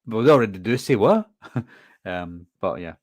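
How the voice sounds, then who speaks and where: A man's voice: low-pitched, lively intonation, moderate pace, a little mellow, no room sound, clean studio sound. A man from Scotland with a toned-down Glasgow accent, chatting casually on a live stream as he reads out viewer questions and answers them. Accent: Glaswegian Scottish, toned down. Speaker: horror movie channel host.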